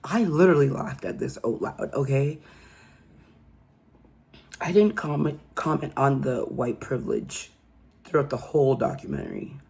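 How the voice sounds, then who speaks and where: A woman's voice: very deep voice, sing-song, moderate pace, creaky, pauses often, a little mellow. A woman giving a casual true crime commentary, telling the story emphatically and incredulously and often asking "okay?".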